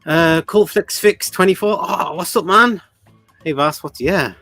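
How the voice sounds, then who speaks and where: A man's voice: high-pitched, bright, forceful tone, no echo, faint music behind. A man co-hosting a casual livestream, reading out viewer comments and greeting people in chat. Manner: chatty, greets viewers, quick bursts. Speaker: livestream co-host.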